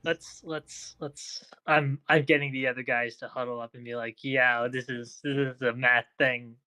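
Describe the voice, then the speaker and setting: A man's voice: medium pitch, flat delivery, moderate pace, pushed and bright, clear, resonant tone. A man playing a tabletop game, stammering and hesitant as he talks in character. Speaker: player.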